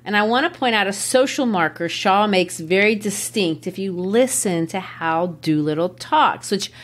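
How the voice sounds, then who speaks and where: A woman's voice: mid-range voice, expressive, normal speed. A woman teaching literature on a podcast, her voice rising and falling a great deal. She explains in an engaged, explanatory way and laughs often. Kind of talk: educational literature discussion.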